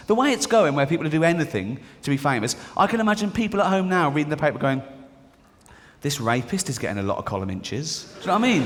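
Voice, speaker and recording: A middle-aged man with an English accent doing a stand-up comedy routine on a theater stage. He tells his stories sardonically, with bursts of mock outrage. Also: fairly high pitch. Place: theater stage before a live audience. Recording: live theater with long reverb and audience noise.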